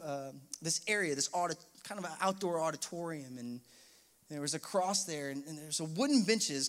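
High-voiced young man preaching a sermon. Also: a bit bright. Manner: personal storytelling, rising to impassioned outbursts. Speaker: pastor.

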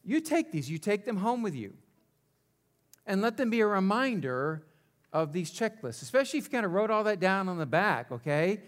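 A man's voice: sits high, very animated, normal speed. A male pastor preaching a sermon, asking rhetorical questions and leading the congregation in call-and-response.

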